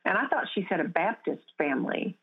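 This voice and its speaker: Female guest, lowish voice, earnest storytelling with restarts, heard over a thin phone line. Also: very animated, brisk, creaky, slightly rough. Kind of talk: testimony in an interview. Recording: tinny phone-line sound.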